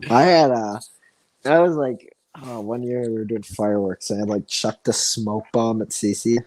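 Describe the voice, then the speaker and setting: A man's voice: fairly low pitch, fairly even intonation, moderate pace, darkish tone, low-quality recording. A man co-hosting a casual podcast, rambling through anecdotes with many fillers and casual swearing. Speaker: podcast co-host. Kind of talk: casual chat.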